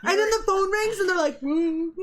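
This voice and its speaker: A woman's voice: very high voice, moderate pace, noisy background. A woman playing in a tabletop game, chatty and often giggling. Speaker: player.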